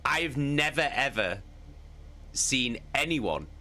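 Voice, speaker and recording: A man's voice: mid-range voice, takes it slowly, slight background noise. A man hosting a casual livestream, reacting with a lot of swearing and frequent laughter. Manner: animated, sweary, laughs often. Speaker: livestream host reacting to an audiobook.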